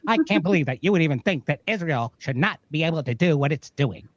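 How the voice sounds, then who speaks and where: A man doing an impression of a fast-talking, defensive male political pundit. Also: fairly high pitch, animated, dry recording, highs cut off. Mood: indignant. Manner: rapid-fire, defensive, incredulous.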